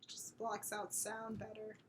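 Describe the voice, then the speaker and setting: A woman's voice: medium pitch, monotone, measured pace, slight background noise. A young woman co-hosting a podcast, chatting casually and rambling through her points with restarts. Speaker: podcast co-host. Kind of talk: casual chat.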